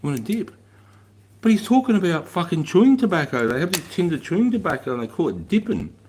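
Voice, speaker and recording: A man's voice: fairly high pitch, big pitch swings, quick pace, a little mellow, a little hiss or hum. A middle-aged man hosting a livestream in casual chat, swearing freely, rambling and laughing as he reads out viewer comments. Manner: profane, rambling, laughs often. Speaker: livestream host.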